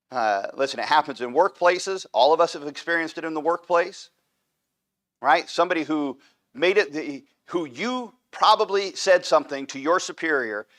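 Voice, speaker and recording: In a church room, a man teaches an adult Bible class, emphatic and repetitive, frequently checking in with "right?" as he drives points home. His voice is slightly high with a fairly bright tone.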